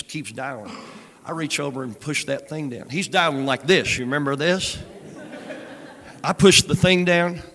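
An older man preaching a sermon, moving between hushed storytelling and loud exhortation. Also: fairly high pitch. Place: large church sanctuary. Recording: long hall reverb with soft music behind.

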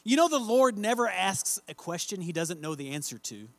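A man preaching a sermon, reading scripture aloud and slowing down to stress key phrases. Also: high-pitched, sing-song, gravelly, fairly bright tone, no echo.

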